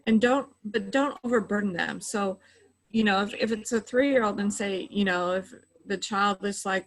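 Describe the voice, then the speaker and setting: In a relaxed interview, a middle-aged woman from the mental health field gives practical advice, patiently explaining step by step and peppering it with "you know." Her pitch is typical for a woman and her pace moderate, though the audio quality is poor.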